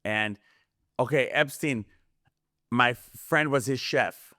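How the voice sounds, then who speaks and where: A man rambles through stories on a podcast, jumping between tangents and mimicking the people he quotes. His pitch sits in the middle range. The recording is close and dry. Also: slow, dry recording. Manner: rambling, animated, acts out quoted voices. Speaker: podcast guest. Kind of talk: casual conspiracy podcast chat.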